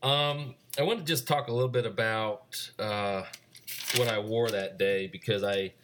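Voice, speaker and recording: A deep-voiced man in his forties talks through his own race in a loose, meandering solo recap. He wanders from point to point, stopping often to hesitate and restart his sentences. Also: steady tone, a bit bright. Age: 40s. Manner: rambling, unhurried, with many "uh" pauses and restarts.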